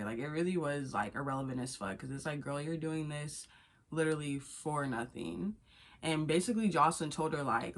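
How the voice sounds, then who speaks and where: A woman's voice: low-pitched, lively intonation, moderate pace. Woman doing a gossipy show recap. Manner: blunt, profane, gossipy storytelling. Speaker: vlogger recapping a reality show. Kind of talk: casual recap commentary.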